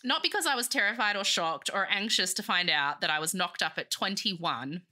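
A young woman in her twenties hosting a podcast, chatting casually and reading her memoir in an animated, self-mocking way that often breaks into laughter. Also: mid-range voice, moderate pace. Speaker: podcast host.

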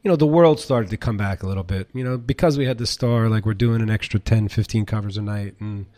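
A middle-aged man tells stories from his kitchen career in a loose, animated way, piling up fillers and cursing now and then. His voice sits a little low. The sound is dry and close, with no room echo. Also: fast talker. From United States. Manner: rambling, animated, swears, many fillers. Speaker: chef and restaurant owner, guest. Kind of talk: casual storytelling interview.

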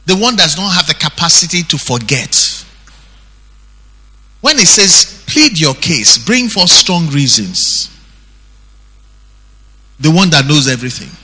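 Male Nigerian preacher, husky voice, high lively delivery, sermon in a reverberant church. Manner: animated preaching, acting out quotes. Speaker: pastor. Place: church hall. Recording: breathy voice in long hall reverb.

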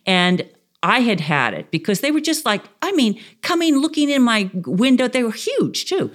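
A woman hosting a casual chat, telling stories in a lively, animated way. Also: fairly high pitch, moderate pace. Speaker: host.

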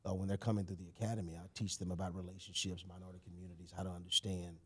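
Guy on a podcast telling his story, kinda low husky voice, lots of "you know, man". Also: level tone, racing. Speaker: podcast guest. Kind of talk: storytelling in casual podcast conversation.

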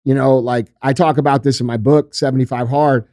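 A man's voice: medium pitch, steady tone, a little fast, dark tone, dry recording, studio quality. A man talking casually as a guest, blunt, profane and emphatic as he gives motivational advice. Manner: emphatic and intense. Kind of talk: casual chat.

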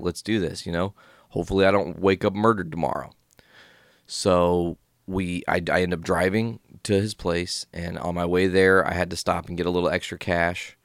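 A man's voice: sits low, no room sound, clean studio sound. A man hosting a podcast, stoned and rambling through a casual story in a laid-back, swearing way. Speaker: podcast host.

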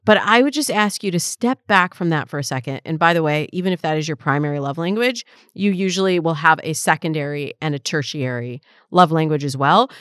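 A woman's voice: fairly low pitch, dry recording, clean studio sound. A woman in her forties hosting an advice podcast, answering listener questions as a dating coach in a reflective, conversational way.

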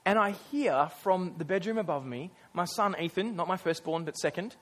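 High-voiced, earnest preacher man. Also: fairly bright tone. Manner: earnest and emphatic, with storytelling pauses; casual asides among dramatic emphasis. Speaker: pastor. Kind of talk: sermon.

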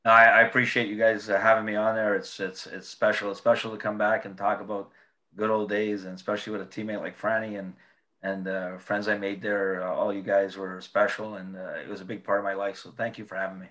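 A man, a former player, being interviewed and telling animated, laughing anecdotes in a casual way. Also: fairly low pitch, a little fast. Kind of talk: casual storytelling.

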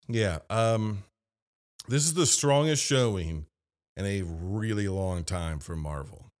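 A man hosting a podcast, giving a casual, opinionated movie review, blunt and rambling, with fillers and asides. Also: fairly low pitch. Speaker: podcast host and film reviewer.

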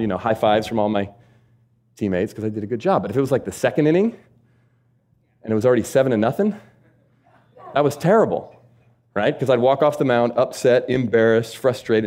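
A man giving a motivational talk, telling stories and asking the audience questions. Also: mid-range voice. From United States. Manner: lively storytelling with rhetorical questions. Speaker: motivational speaker. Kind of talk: keynote talk.

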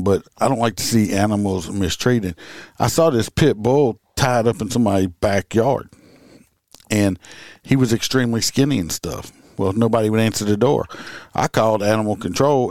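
Folksy cop telling stories. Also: male voice, on the low side, a little mellow, dry recording, clean studio sound. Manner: folksy, profane storytelling with many fillers. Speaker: podcast co-host, police officer. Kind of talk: casual podcast chat.

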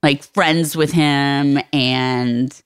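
A woman co-hosting a podcast, telling stories in a lively, self-deprecating casual chat. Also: extremely low pitch, very slow, clean tone, no echo, studio quality. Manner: animated storyteller, self-deprecating. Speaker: podcast co-host.

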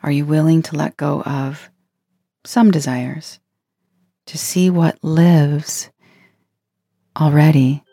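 A woman's voice: low voice, steady tone, slow pace, long pauses, warm tone, slightly rough, dry recording, studio quality. A woman giving a reflective spiritual self-help talk, earnest and playful, laughing now and then between her points.

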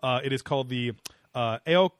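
A man's voice: mid-range voice, normal speed, no room sound. A man co-hosting a podcast in casual, crude banter, joking and laughing often between rambling asides. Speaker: podcast co-host.

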